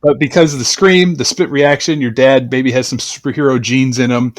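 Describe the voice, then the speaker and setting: A man's voice: mid-range voice, a little fast, no room sound. Chatty male podcast host, dry sound. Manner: relaxed and chatty, many fillers. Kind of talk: casual podcast chat.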